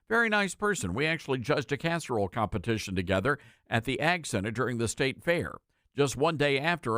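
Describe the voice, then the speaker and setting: A man's voice: fairly high pitch, fairly bright tone, no echo, studio quality. A man hosting a talk radio show, giving sarcastic, indignant commentary and taking calls. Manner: sarcastic, indignant, quick asides.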